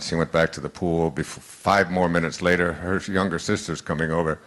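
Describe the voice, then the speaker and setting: An older man telling a wry anecdote in a relaxed, chuckling way to an audience. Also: sits low, brisk, hardly any pauses, a faint crowd, a little hiss or hum. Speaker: speaker. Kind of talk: storytelling talk to an audience.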